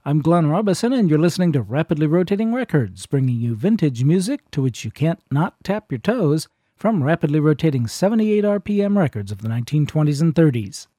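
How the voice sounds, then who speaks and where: A man's voice: a little high, big pitch swings, a little fast, hardly any pauses, mellow, no room sound, studio quality. A man hosting a radio show, giving cheerful, plain scripted introductions to old records. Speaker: radio host.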